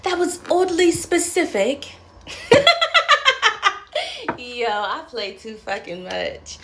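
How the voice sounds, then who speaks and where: Slow-paced and fairly high-pitched with big pitch swings, this woman reads tarot cards on a live stream over a hissy, noisy background. She chatters and giggles, tosses in slang, and addresses viewers as "darling".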